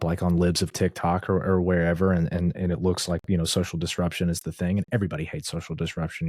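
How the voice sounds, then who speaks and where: A man's voice: deep voice, a little mellow, husky, dry recording, clean studio sound. An American man co-hosting a podcast, chatting casually about politics in a blunt, agreeable way with some swearing. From United States. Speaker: podcast co-host.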